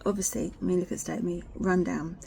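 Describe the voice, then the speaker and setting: A blunt, sweary woman talks straight to camera from home in a warm, mellow voice. She rants freely and drops into whispered asides. A faint hiss sits behind her. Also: lowish voice, level tone, fast talker, vocal fry. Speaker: vlogger. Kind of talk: candid personal vlog.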